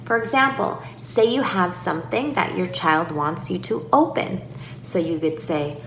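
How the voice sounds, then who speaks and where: A woman speech-language pathologist giving calm, clear instructions to parents and breaking into lively demonstrations now and then. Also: lowish voice, unhurried. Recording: echoey room with faint noise.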